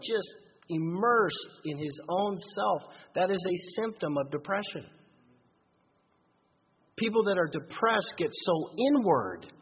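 A pastor preaching a sermon, moving between lively emphasis and quiet asides. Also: male voice, high voice, slow pace, slightly rough. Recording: dull lo-fi recording in long-reverb hall.

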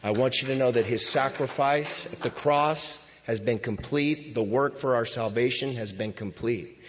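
A man preaching a sermon as pastor in a church, moving between hushed lines and loud cries. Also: mid-range voice, normal speed. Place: church sanctuary. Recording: dull sound with long hall reverb.

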